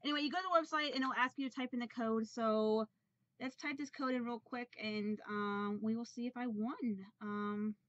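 Excited rambling woman vlogger, lo-fi. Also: fairly high pitch, moderate pace, no room sound. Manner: excited and rambling, many fillers and restarts. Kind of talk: casual vlog unboxing.

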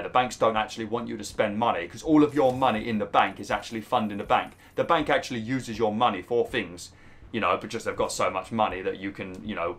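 A man's voice: lowish voice, a bit bright. Chatty man doing game commentary. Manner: rambling, chatty, swears and laughs often. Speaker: gaming YouTuber. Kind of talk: casual gameplay commentary.

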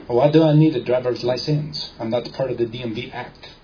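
A man putting on a French accent to play a smug, unflappable rich Frenchman who speaks slowly and with exaggerated courtesy. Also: medium pitch, dark tone, highs cut off, close to an everyday voice. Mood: unbothered. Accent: French, put on. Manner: slow, overly formal and courteous.

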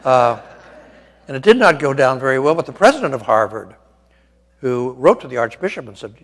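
Older priest lecturing in a reverberant church. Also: male voice, medium pitch, big pitch swings, brisk, long pauses. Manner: discursive, wry asides, frequent ums and restarts. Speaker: guest lecturer, Catholic priest.

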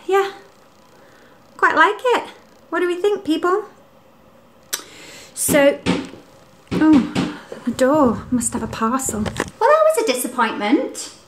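A young woman chatting casually to camera in an upbeat vlog about her home and Christmas tree, with lots of ums. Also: a little high. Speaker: lifestyle vlogger. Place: home living room. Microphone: camera mic. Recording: roomy home room.

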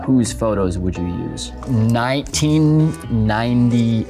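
A man's voice: mid-range voice, animated, takes it slowly. A man chats loosely and teasingly, with a mid-range voice. Light music plays underneath. He jokes easily with his co-star. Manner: playful, joking. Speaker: actor guest. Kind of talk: casual chat.

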